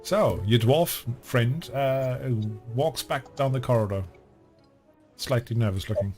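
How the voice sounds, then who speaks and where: A man running a tabletop game as game master, relaxed and rambling with fillers. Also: medium pitch, unhurried, soft background music.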